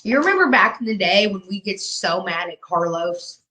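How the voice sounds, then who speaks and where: A woman's voice: medium pitch, lively intonation, normal speed, sharp tone, poor audio. A woman in her fifties runs a live stream and talks straight to her chat. She is brash and profane and taunts her viewers. She has been drinking as she talks. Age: 50s. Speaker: livestream host.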